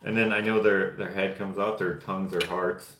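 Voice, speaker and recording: A lower-voiced young man from Canada, talking in a loose, rambling way while he paints. His voice bounces around an echoey room. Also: flat delivery, moderate pace, a bit bright, a little hiss or hum. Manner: rambling, offhand storytelling while painting figures. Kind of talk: casual chat. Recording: roomy echo.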